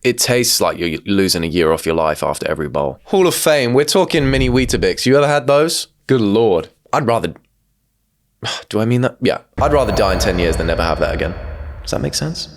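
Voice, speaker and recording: A man's voice: fairly low pitch, a little fast. A British man hosting a reaction video, giving joking, cheeky commentary. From United Kingdom. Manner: joking, animated, cheeky asides. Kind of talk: casual comedic reaction commentary.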